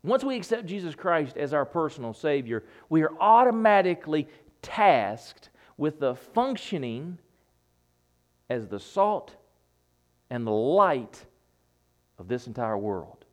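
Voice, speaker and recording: A man's voice: fairly high pitch, very animated, a little slow. A man preaching a sermon, emphatic, repeating phrases and dropping his voice for effect.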